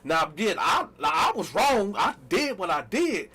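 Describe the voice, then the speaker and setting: A man telling a personal story in a casual storytime vlog, animated and slangy, talking straight to his viewers. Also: high voice, unhurried, breathy edge. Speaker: storytime vlogger.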